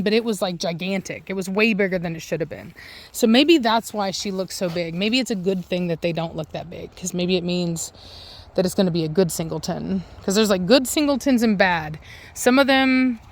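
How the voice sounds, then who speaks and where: A woman dog breeder chatting casually outdoors in her yard, rambling and admiring as she films her dogs. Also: medium pitch. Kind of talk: casual vlog commentary.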